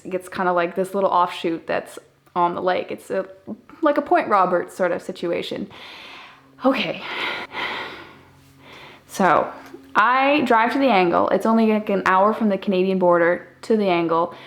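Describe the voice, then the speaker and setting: Young woman, travel vlogger, chatty, upbeat, casual narration. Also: medium pitch.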